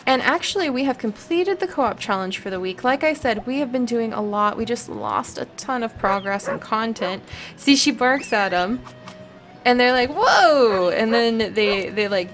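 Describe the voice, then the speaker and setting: A young woman with a fairly high voice talks through her farming game in a chatty, bubbly way and coos at the little animals. Soft music plays faintly behind her. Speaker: gameplay vlogger. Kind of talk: casual gameplay commentary.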